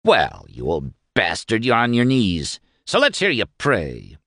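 A man voicing a bullying male guard officer of about thirty who jeers and shouts. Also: medium pitch, wildly swooping pitch, normal speed, no echo, clean studio sound, voice pushed up. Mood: screaming.

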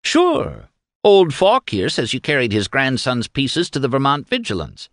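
A man's voice: medium pitch, huge pitch swings, a little slow, fairly bright tone, dry recording, clean studio sound, pitched above the performer's own voice. A man playing a jeering bully of a guard. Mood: mocking. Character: jeering young male guard officer, a bully around thirty.

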